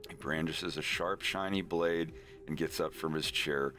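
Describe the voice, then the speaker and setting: Deep-voiced man rambling through a story. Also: steady tone, unhurried, sharp tone, faint music behind. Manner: rambling, many restarts and fillers. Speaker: streamer. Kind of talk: casual story retelling.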